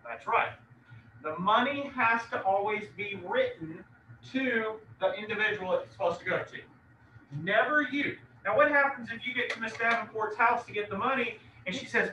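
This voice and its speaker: High bright-voiced male instructor. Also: normal speed, slight background noise. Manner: animated, quizzes students by name. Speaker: real estate instructor. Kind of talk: classroom lecture. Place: classroom. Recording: echoey classroom from far off, dull.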